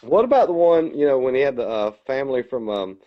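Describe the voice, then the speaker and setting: A man's voice: mid-range voice, big pitch swings, quick pace. A man with a Birmingham, Alabama accent, rambling and laughing in a casual podcast chat as co-host. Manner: rambling, laughing, retelling comedy bits. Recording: dull lo-fi sound.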